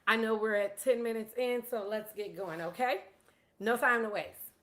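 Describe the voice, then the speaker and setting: A woman's voice: on the high side, moderate pace, fairly bright tone. A woman giving a casual storytelling lesson on money, chatty and self-deprecating, often repeating words. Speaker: teacher of a personal finance course.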